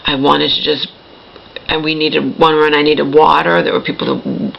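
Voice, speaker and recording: Gravelly middle-aged woman telling her story. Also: low voice, level tone, normal speed, lo-fi sound. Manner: rambling, emphatic, repeats "okay?" and self-corrects. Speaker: vlogger. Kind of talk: personal storytelling to camera.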